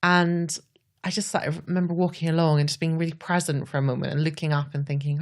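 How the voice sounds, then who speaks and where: A woman's voice: deep voice, fairly even intonation, fairly quick. A Scottish woman, a podcast guest, talking earnestly and reflectively, often saying "like". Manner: earnest, says "like" a lot.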